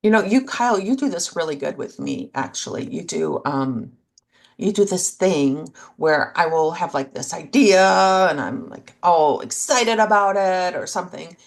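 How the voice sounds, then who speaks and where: Podcast cohost lady, kinda low gravelly voice, gentle and thoughtful, short little phrases. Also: expressive, normal speed. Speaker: podcast co-host. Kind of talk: casual reflective conversation.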